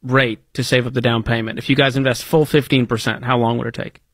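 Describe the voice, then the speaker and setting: Fast-talking male radio co-host. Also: medium pitch, fairly even intonation, fairly bright tone, no room sound, clean studio sound. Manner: quick, upbeat interjections. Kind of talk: call-in advice talk.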